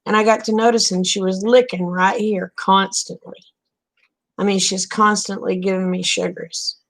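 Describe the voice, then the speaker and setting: A middle-aged woman tells a long, homespun story in a casual late-night vlog. Her pitch stays fairly level and even, and she keeps looping back through "he said" and "I said" as she goes. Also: vocal fry. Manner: homespun, drawn-out storytelling with many "he said" asides. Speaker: vlogger.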